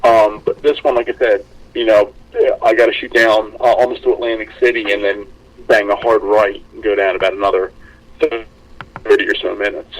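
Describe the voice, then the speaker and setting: Husky-voiced man telling a story. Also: on the low side, normal speed, poor audio. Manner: animated storytelling, swearing and acting out quoted friends. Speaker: podcast co-host. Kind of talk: casual chat.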